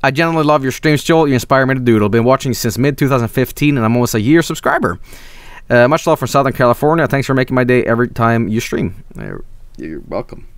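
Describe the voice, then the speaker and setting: A man's voice: mid-range voice, animated, fast talker, clear, resonant tone, no echo. A man streaming casually, reading out fan art and chat, rambling, swearing freely and breaking into silly voices.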